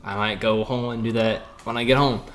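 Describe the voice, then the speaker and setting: A young man hosting a casual podcast chat, rambling and excitable, full of fillers and restarts. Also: fairly low pitch, fairly quick, a little hiss or hum. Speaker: podcast host.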